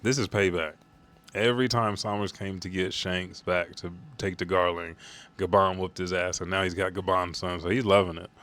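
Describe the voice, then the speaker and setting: Lowish-voiced guy reacting live to a new comic chapter, casual and cussing, laughs a lot. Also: steady tone, normal speed, fairly bright tone. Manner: casual, profane, laughing asides. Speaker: host.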